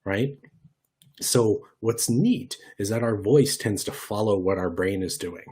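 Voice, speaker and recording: A man with a low, husky voice leads an online workshop. He talks in a lively, conversational way, asking the audience questions and jumping his voice around to demonstrate points. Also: a little slow. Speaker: workshop presenter.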